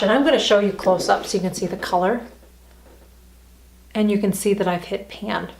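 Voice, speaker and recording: A middle-aged woman chatting through a makeup tutorial, enthusiastic and repeating herself as she gushes. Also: medium pitch. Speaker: beauty vlogger. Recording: roomy echo, faint music.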